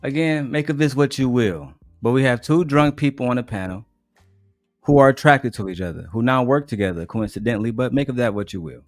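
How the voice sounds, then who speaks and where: A man hosting a commentary stream, pausing clips to make teasing, sarcastic asides to his viewers. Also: medium pitch, animated, no room sound, soft background music.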